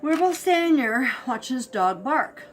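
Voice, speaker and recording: A woman telling a spooky personal story in a casual, animated way, acting out barks and shouts. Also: high voice, moderate pace, a little hiss or hum. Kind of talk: casual spoken ghost story.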